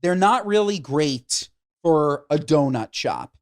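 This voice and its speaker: A man co-hosting a podcast in casual chat, talking with animated enthusiasm. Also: fairly high pitch, takes it slowly, no room sound, clean studio sound. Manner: animated, enthusiastic about food. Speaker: podcast co-host.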